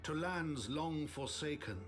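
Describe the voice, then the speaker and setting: A man's voice: fairly high pitch, takes it slowly, over music. A man giving solemn, grand scripted narration for a game cutscene.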